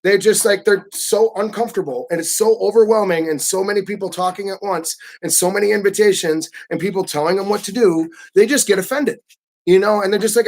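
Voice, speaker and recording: A man giving a casual livestream talk, animated and often acting out the pushy voices of others. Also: high voice, fairly quick. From United States. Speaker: vlogger.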